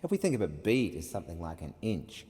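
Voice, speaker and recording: A man's voice: low voice, sing-song, quick pace, a little mellow, in a large hall. A man teaching an online music lesson, chatty and explaining step by step, sometimes chanting rhymes.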